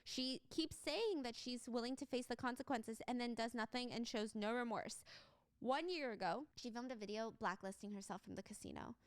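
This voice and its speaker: A woman's voice: a little high, moderate pace, clear, resonant tone, dry recording. A woman streamer on a live broadcast who tells a story with animation and reads out quotes along the way. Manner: animated retelling, reading out quotes.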